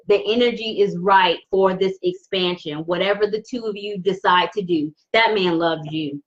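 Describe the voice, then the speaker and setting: Effusive tarot reader woman, lo-fi sound. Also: mid-range voice. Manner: warm, effusive, repeats phrases for emphasis. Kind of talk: live-streamed intuitive tarot reading.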